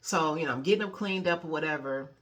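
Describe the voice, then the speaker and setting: A woman life coach giving a casual motivational talk, conversational and lively, often adding "you know" and "okay". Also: quick pace. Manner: animated storyteller, acting out quotes with big pitch jumps.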